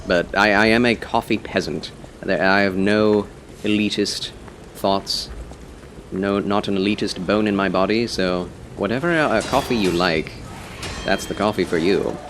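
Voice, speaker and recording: A man streaming a game live, chatting casually and politely with his viewers, with quick laughs and muttered asides. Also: lowish voice, background noise. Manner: chatty, answers chat, playful and polite.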